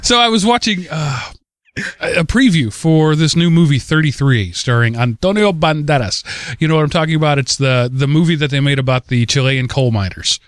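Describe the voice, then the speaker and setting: A man's voice: on the high side, moderate pace, no room sound. Rambling man, dry close sound. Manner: rambling, with many restarts and stammered repeats. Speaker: podcast co-host. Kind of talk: casual chat.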